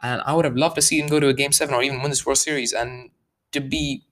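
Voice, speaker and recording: A man talking through baseball stats in a casual commentary. He gets animated and worked up, leaning hard on the numbers. His pace runs in fast and slow bursts, and he often restarts his sentences. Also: medium pitch. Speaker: baseball analyst.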